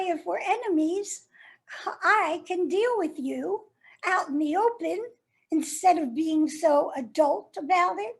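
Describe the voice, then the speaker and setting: A wounded, sardonic jilted lover , played by a woman, speaks in a very high, thin voice. She takes her time, drawing out each line slowly and deliberately. It is a stage monologue with a biting edge. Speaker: actor performing a monologue.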